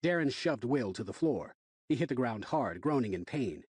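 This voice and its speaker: Male audiobook narrator, tense and expressive, husky, dry booth sound. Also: medium pitch, moderate pace, no room sound. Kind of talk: first-person audiobook narration.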